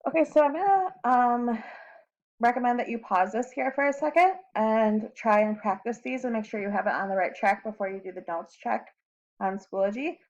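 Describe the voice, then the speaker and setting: Teacher woman talking slowly through notes. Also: on the high side, darkish tone. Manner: slow and deliberate, with frequent ums. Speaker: Spanish teacher. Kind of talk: recorded lesson walkthrough. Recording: slightly dull lo-fi audio.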